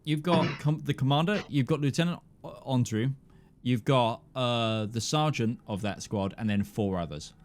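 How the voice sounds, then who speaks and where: A man narrating as game master of a tabletop game, halting and full of fillers, often breaking into laughter. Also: mid-range voice.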